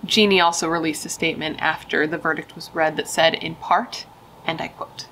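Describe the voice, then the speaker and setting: Chatty young woman with a bright voice. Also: sits low, fairly even intonation, normal speed, a little hiss or hum, rough recording. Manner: chatty, emphatic, swears, says dude and like. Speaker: true crime host. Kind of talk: casual true crime storytelling.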